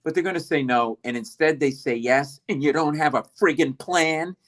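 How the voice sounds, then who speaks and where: Middle-aged comedian guy, slightly high voice, animated and self-mocking, acts out every line of the story. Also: normal speed. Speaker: comedian guest. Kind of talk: comic storytelling.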